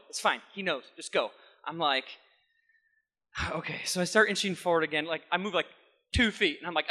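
Bright high-voiced man preaching. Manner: animated storytelling, acts out quoted voices. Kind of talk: sermon with personal story.

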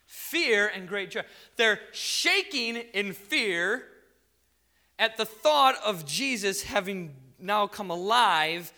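A man preaching a sermon in a lively, conversational storytelling way. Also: sits high. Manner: animated, conversational storytelling with acted quotes. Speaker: pastor.

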